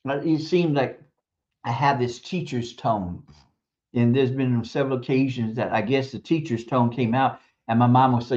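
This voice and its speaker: This is a stream host with a middle-pitched voice, delivering a preachy, emphatic monologue about raising kids. The speaker repeats words for stress and chuckles now and then. The audio is muffled, like a lo-fi stream capture. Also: unhurried, a little mellow. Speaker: teacher. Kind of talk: casual advice monologue on parenting.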